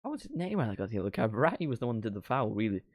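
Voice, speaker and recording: A young man commentating on a live match for his stream, his voice sitting in a middle pitch and sounding dry and close to the mic. He chats along casually with viewers and jumps loudly at goals and near misses. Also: racing, no echo. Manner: excitable, shouts at big moments, chats to stream viewers. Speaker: watchalong streamer. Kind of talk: live football watchalong commentary.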